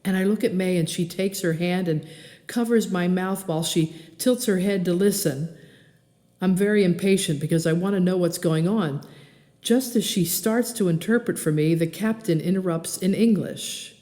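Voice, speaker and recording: A woman hosting a podcast, reading her own travel memoir aloud in an animated, expressive way. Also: on the low side, normal speed, in a large hall. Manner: animated, acts out dialogue and song lines.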